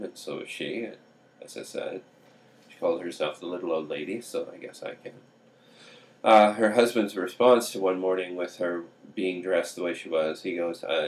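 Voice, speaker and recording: Man, very low voice, storytelling, chuckling asides, quoted dialogue. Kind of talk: spoken true-story telling.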